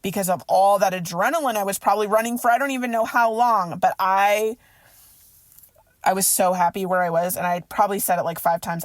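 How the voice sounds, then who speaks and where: A woman podcast host and mindset coach telling a personal story in a casual, animated way, full of "like" and quoted thoughts. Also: mid-range voice, a little fast, no echo. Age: adult. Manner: animated, emotional retelling with many "like"s.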